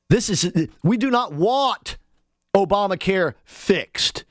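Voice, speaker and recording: A man's voice: fairly high pitch, animated, takes it slowly, no echo, clean studio sound. A man hosting a political talk radio show, delivering a fired-up, sarcastic monologue and calling on his listeners to act.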